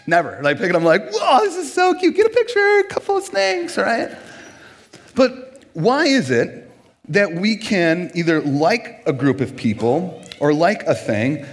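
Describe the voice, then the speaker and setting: A man in his forties from Minnesota, preaching a humorous sermon, joking and acting out little scenes as he goes. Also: high-pitched.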